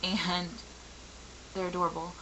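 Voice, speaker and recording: A young woman in her twenties talks frankly and rambles through a personal update, full of fillers. Her voice is bright and sharp, roughened a little by a recent sore throat. A faint background noise sits under the recording. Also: fairly low pitch, little pitch movement, measured pace, low-quality recording. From Michigan, US. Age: 20s. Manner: candid, frustrated, rambling with many fillers. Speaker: vlogger. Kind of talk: personal venting vlog.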